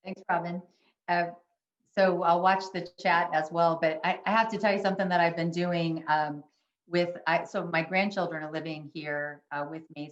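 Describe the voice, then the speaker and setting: Speaking over a video call, an older woman co-hosting a webinar shares a family story in an earnest, casual way, stumbling with ums and restarts. Her voice sits low, and the sound is roomy and lo-fi.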